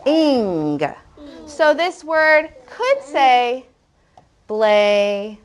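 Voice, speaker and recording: Lively, animated woman teacher. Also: a little high. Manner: animated, encouraging, reads lines slowly and rhythmically. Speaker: first-grade teacher. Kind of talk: classroom language lesson.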